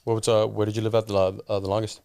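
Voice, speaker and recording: A man hosting a podcast in a studio, laid-back and quick to laugh. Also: on the low side, flat delivery, creaky, dark tone, smooth. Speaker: podcast host. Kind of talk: casual podcast chat.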